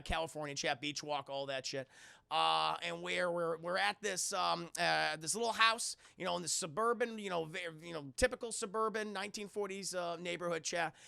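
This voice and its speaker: A man's voice: sits high, gravelly, sharp tone, slight background noise. A man reviewing a film live, rambling casually with lots of swearing and asides to his chat. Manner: rambling, profane, addresses chat.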